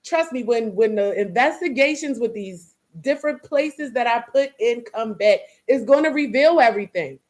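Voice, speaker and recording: A woman's voice: fairly high pitch, expressive, moderate pace, hardly any pauses. A grieving mother talking straight to camera in a heated, blunt, profane rant, often repeating herself.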